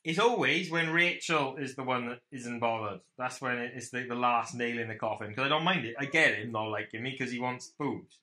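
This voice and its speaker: Swearing young man with a forceful voice. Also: mid-range voice, a little fast, hardly any pauses. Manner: sweary, joking banter. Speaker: podcast co-host. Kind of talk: casual chat. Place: home.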